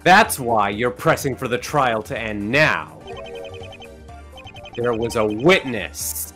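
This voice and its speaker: A man's voice: medium pitch, expressive, slow pace, pushed and bright, soft background music. A man reading the part of a determined young male defense attorney in a game, resolute and pressing. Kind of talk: reading a game script aloud.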